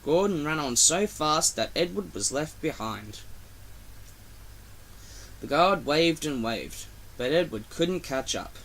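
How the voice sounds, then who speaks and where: Brief: male storyteller, expressive, animated intonation, bedtime-story reading. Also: fairly high pitch, slow pace, long pauses, a little hiss or hum.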